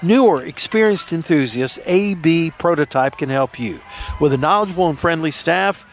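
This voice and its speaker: A man's voice: a little high, lively intonation, normal speed, a little hiss or hum. A man commentating live at an outdoor parade at night, easygoing and folksy, reading sponsor ads with small stumbles.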